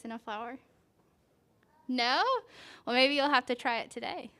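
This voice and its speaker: A woman reading a picture book aloud to children at a church service, gently asking them questions as she goes. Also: fairly high pitch, steady tone, normal speed, long pauses. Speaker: children's story reader.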